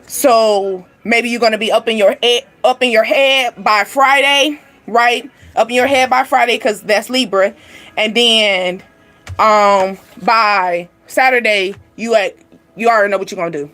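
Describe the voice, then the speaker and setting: A woman giving a casual, animated tarot reading, laughing often and speaking straight to her viewers. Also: on the high side, unhurried, faint music behind. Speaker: tarot reader. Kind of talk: livestream card reading.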